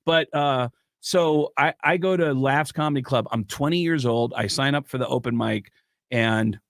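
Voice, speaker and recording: A comedian from Tucson, Arizona, telling a story as a podcast guest. He is animated, curses often and slips into the voices of the people in his story. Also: medium pitch, normal speed, no echo, studio quality. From Tucson, Arizona, USA. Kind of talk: casual storytelling chat.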